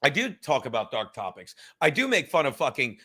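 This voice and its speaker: A man's voice: medium pitch, huge pitch swings, fairly quick, sharp tone, slightly rough. A man hosting a podcast, ranting heatedly and swearing constantly while reading out chat comments. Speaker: podcast host.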